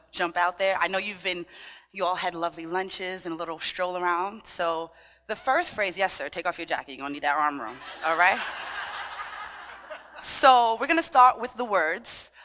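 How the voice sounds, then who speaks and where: A Brooklyn dance workshop leader of Trinidadian family, she is bright and forceful with a lowish voice and a sing-song Trinidadian-tinged New York lilt, speaking at a moderate pace. Animated and playful, she leads call-and-response while giving a lively talk to a conference audience. Her voice rings through a large hall with long PA reverb and a little hiss or hum.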